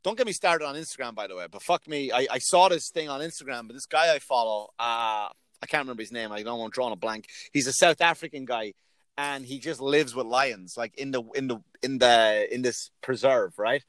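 A man in casual conversation, talking in a loud, animated way, swearing freely and acting out sudden outbursts. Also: medium pitch, brisk, no echo. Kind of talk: casual profane chat.

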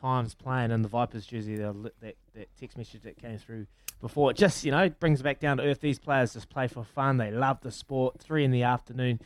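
A man's voice: mid-range voice, steady tone, normal speed, dry recording. A man co-hosting sports radio from a remote studio, chatty and casual, full of "mate" and "um". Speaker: radio co-host, former rugby player.

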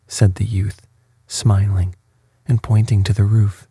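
A man narrating a bedtime story reading in a hushed, breathy voice, soft, slow and even. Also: on the low side, dry recording.

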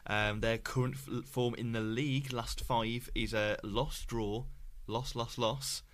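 Male co-host, easygoing rambling football chat, mid pitch. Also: steady tone, slow pace, a bit bright. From England. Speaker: podcast co-host.

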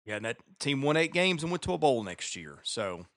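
Radio host guy reading out listener questions, even and plain, dry studio sound. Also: medium pitch, a little fast, no echo. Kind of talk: radio interview.

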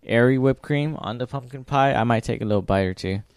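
A man's voice: medium pitch, fairly quick, vocal fry, clean tone, dry recording. Laid-back man chiming in, dry. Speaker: podcast co-host. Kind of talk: casual chat.

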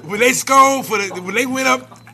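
A man's voice: very high voice, moderate pace, pushed and bright. A man co-hosting casual sports talk, telling a story with laughter and stumbling repeats.

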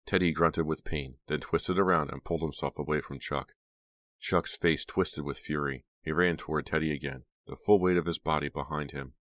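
A man reading an audiobook aloud in a steady, measured way. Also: a bass voice, no echo. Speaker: audiobook narrator. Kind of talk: scripted audiobook narration.

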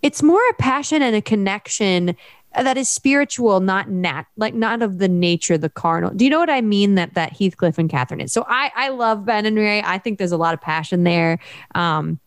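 A woman's voice: mid-range voice, lively intonation, normal speed, smooth, no room sound. Young woman co-host, casual and gushing, dry close sound. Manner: enthusiastic, gushing, frequent "like" fillers. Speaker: podcast co-host. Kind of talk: casual chat.

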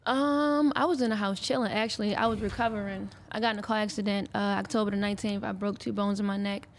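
A woman's voice: mid-range voice, fairly even intonation, quick pace, slight background noise. Blunt laughing woman from Baltimore. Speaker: reality show cast member. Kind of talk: casual interview answers.

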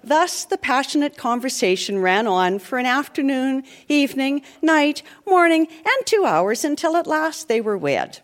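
A woman reads a dark comic fairy tale aloud. Her high voice swings widely in pitch. The telling is playful and animated throughout. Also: normal speed, hardly any pauses. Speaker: storyteller. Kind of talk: reading a comic story aloud.

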